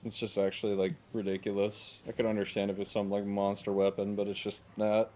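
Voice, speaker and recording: A man's voice: lowish voice, monotone, fast, warm tone. A young man chatting with friends over a game, blunt and teasing in slang-heavy talk. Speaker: gaming friend. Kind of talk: casual gaming chat.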